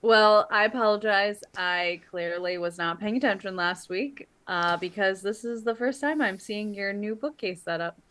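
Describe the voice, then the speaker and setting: A woman at a mid-range pitch, talking casually and teasing during a game session. She rambles, apologizes and laughs at herself as she talks. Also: normal speed, few pauses, fairly bright tone, clear, resonant tone. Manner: chatty, teasing, self-deprecating. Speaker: player. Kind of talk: casual chat.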